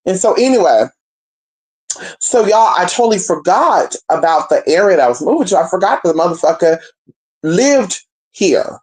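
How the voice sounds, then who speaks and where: A young woman telling a story to her viewers in a casual, profane, animated way, calling them y'all and girl. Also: fairly low pitch, moderate pace. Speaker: spiritual practitioner.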